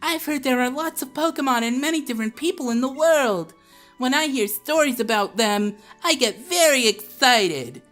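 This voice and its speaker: A man's voice: extremely high pitch, expressive, moderate pace, a bit bright, soft background music, voice pushed up. A man voicing an eager, wistful townsperson, reading game dialogue aloud.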